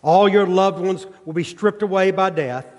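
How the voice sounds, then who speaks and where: A male pastor delivers an emphatic sermon, building rhythmic phrases and leaning on dramatic pauses. His voice sits fairly high for a man. A long reverb from a large church sanctuary trails every line. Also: darkish tone.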